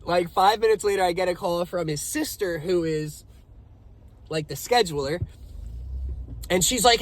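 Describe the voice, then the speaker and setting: Profane, emphatic young man with a high voice. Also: normal speed. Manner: profane, emphatic, animated retelling. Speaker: business owner telling his story. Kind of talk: casual storytelling to camera.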